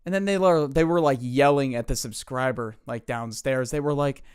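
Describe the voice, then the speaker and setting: Slangy, smooth-voiced young man telling a story. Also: mid-range voice, normal speed, a little mellow, no echo, clean studio sound. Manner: slangy, fillers like "like" and "bro", loose and chatty. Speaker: storyteller retelling a viewer's story. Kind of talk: casual storytelling.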